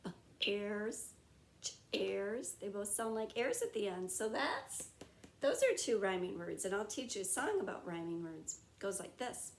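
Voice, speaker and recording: A woman teacher reading a picture book aloud to young children in a slow, sing-song way, stretching and repeating rhyming words. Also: mid-range voice, animated, echoey room, a little hiss or hum.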